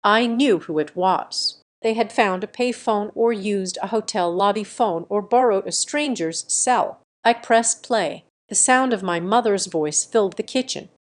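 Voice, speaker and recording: A young adult woman giving a scripted first-person story narration in measured, steady, clipped sentences. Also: mid-range voice.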